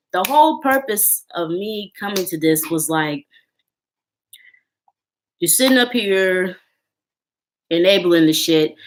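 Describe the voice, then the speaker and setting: A woman's voice: lowish voice, fairly bright tone. A woman in her twenties, ranting bluntly and heatedly to camera and swearing constantly. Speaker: vlogger.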